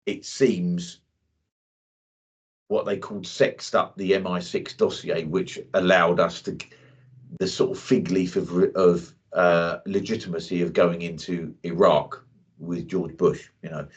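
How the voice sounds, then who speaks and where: A man's voice: sits low, level tone, measured pace. A man talking bluntly in a casual two-way chat, leaning on "you know" as he goes. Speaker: co-host. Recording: dull lo-fi audio.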